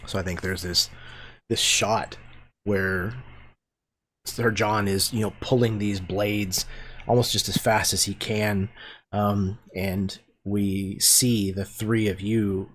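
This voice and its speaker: Slow, husky-voiced man narrating a game. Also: lowish voice, steady tone. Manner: descriptive, unhurried, with many fillers. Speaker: game master.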